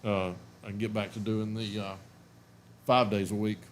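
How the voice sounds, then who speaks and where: Sleepy guy rambling on his home live stream, keeps yawning, lower voice, a bit of background hiss. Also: little pitch movement, moderate pace. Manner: rambling, self-interrupting, chatty. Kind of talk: casual live stream chat.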